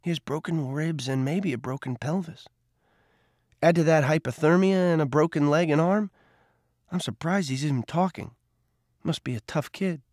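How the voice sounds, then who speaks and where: A man's voice: sits high, a little fast, darkish tone, no echo, clean studio sound, pitched above the performer's own voice, natural voice. A man voicing a practical middle-aged woman nurse in an audiobook. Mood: hushed.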